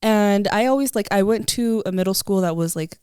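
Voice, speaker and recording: A young woman co-hosting a podcast, telling a story in a chatty casual way, full of "like" and quick laughs. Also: medium pitch, darkish tone, clean tone, dry recording, studio quality. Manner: chatty, lots of likes, laughs as she tells a story. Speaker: podcast co-host.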